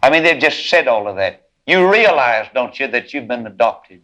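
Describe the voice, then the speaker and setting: A man preaching a sermon, telling a folksy story and acting out its voices, then rising into high, loud, drawn-out climaxes. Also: expressive, lo-fi sound.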